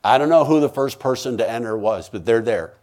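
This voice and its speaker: A man who is a minister, telling a personal testimony in a voice of ordinary pitch for a man. He talks with raw intensity, repeating phrases and swinging between loud pleading and hushed, low confession. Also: lively intonation, fairly quick. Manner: repeats and restarts phrases for emphasis. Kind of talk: emotional testimony storytelling.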